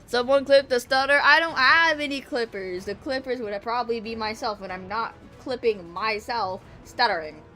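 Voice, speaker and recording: A young woman streaming games live, chatting casually, excitable and swearing freely, often bursting into shouts. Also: fairly high pitch, moderate pace, hardly any pauses, faint music behind. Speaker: VTuber streamer.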